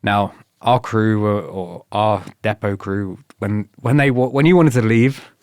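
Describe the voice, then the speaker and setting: On a casual storytelling podcast, a British guest who once served as a paratrooper speaks in a fairly low, clear, resonant voice at a measured pace. He stays easygoing, laughs a lot, and quotes other people in lively bursts. The audio is close and dry, free of room echo.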